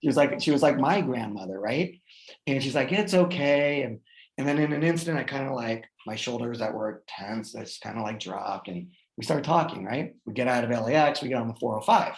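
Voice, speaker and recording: A man in his forties, a guest speaker, telling a personal story in an animated way with many fillers and restarts. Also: mid-range voice, brisk, gravelly, reverberant, low-quality recording. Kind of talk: personal storytelling in a group talk.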